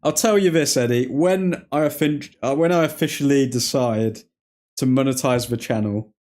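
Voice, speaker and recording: A man's voice: mid-range voice, moderate pace, darkish tone. A chatty man hosts a live football watchalong in a casual, rambling way. He laughs often, reads chat aloud and breaks off to call out the play. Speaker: streamer host.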